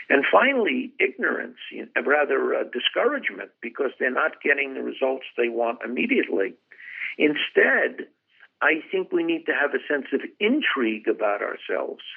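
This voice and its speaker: A man's voice: medium pitch, creaky. An older man, a guest author, answering interview questions in an earnest, reflective way and retelling conversations as stories. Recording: tinny phone line.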